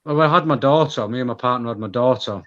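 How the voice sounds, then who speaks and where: A man's voice: mid-range voice, quick pace. Manc guy chatting as a guest, rambly and open, kinda dull lo-fi sound. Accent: Manchester. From Manchester, England. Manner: candid, rambling, with restarts. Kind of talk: casual chat.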